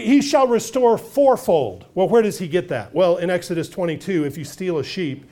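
A man preaching a sermon as pastor, swinging between hushed asides and loud, emphatic points. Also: on the high side.

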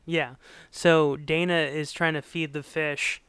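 A man's voice: fairly high pitch, slow, smooth, no echo. A man co-hosting a casual podcast, retelling a sitcom episode with acted-out quotes and frequent laughs. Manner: animated storyteller, acts out quotes, laughs often. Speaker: podcast co-host recapping a sitcom. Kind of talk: casual chat.

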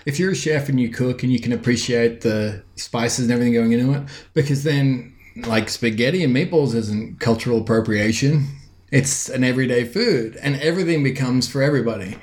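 Man, casual podcast chat, halting with fillers, echoey room. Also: medium pitch, a little mellow. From born outside the US. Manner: rambling, frequent fillers and restarts. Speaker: podcast co-host.

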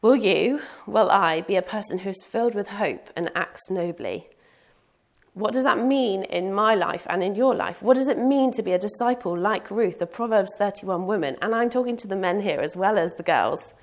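A woman's voice: medium pitch, normal speed. A young woman preaching a sermon in an earnest, personal way, asking rhetorical questions.

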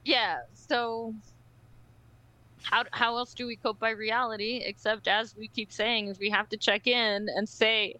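A young woman with a bright, forceful voice who tells her story with animated energy and keeps checking in with "right?". She swears casually. The sound is dry and close, with no room around it. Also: a little high, a little slow, dry recording, poor audio. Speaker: podcast co-host. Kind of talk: casual podcast chat.

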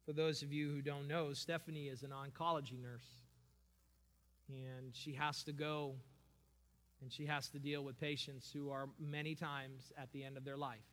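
Pastor guy preaching, bright forceful voice, big echoey hall. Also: on the high side, little pitch movement. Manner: emphatic preaching with rising, slowed emphasis. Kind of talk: sermon. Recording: long hall reverb.

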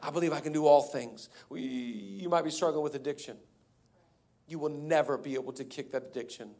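A man preaching a sermon as pastor, moving from loud, drawn-out declarations to quiet, hushed passages. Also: a little high. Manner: acts out quoted people in a raised voice.

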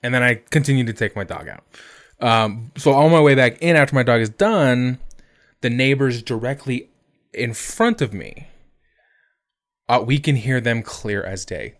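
A man telling an animated, sweary anecdote in casual podcast chat. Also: mid-range voice. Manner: animated, swearing, laughing, mimics others in quotes. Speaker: podcast host.

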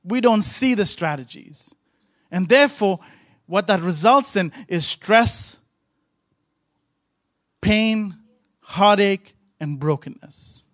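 A man's voice: high voice, expressive, takes it slowly, fairly bright tone, dry recording. A man pastor preaching a sermon with emphatic, repetitive rhythmic phrasing.

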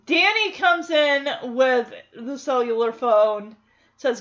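Chatty woman recapping a sitcom, high voice. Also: slow, muffled recording. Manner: chatty, wry asides. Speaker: show recap host. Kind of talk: casual episode recap.

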